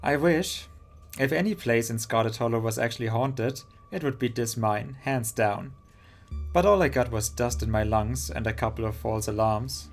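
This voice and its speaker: A man's voice: medium pitch, normal speed, soft background music, lightly acted. A man reading a teasing young woman ghost hunter.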